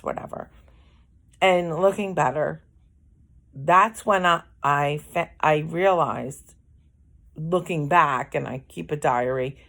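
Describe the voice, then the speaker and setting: A woman's voice: on the low side, vocal fry. A middle-aged woman talking candidly in a casual personal monologue, speaking to viewers about relationships. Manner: candid, conversational, acts out quoted dialogue. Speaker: host.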